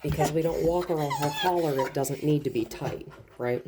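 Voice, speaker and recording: A woman dog trainer explaining what she does as she handles a nervous dog, now and then dropping into soft, soothing talk. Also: sits low, normal speed, noisy background.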